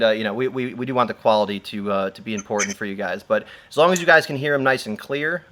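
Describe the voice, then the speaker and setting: A man with a mid-pitched, ordinary voice, hosting a live sports talk stream. He rambles, leans on fillers and breaks into laughs. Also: pushed and bright. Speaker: host. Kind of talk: casual livestream chat.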